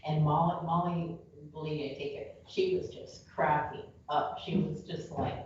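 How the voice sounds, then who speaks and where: A woman's voice: deep voice, steady tone, normal speed, darkish tone. A woman chatting casually, telling stories with jokey asides. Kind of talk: casual chat. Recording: echoey room, far from mic, dull lo-fi, faint noise.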